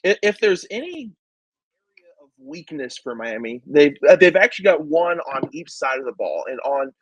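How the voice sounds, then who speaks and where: A man's voice: fairly high pitch, very animated, normal speed, breathy edge, dry recording, poor audio. A man co-hosting a sports podcast, chattily walking through statistics and quizzing the others. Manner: chatty, presents stats with quizzing asides. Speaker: podcast co-host, stats segment. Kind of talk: casual sports podcast chat.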